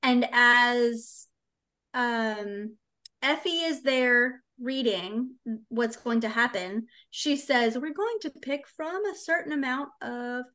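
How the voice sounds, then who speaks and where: Young woman, casual podcast co-host; bright, slightly high voice, excitable, swears a lot. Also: slow. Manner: excitable, swears freely, animated reactions. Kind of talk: casual book club chat.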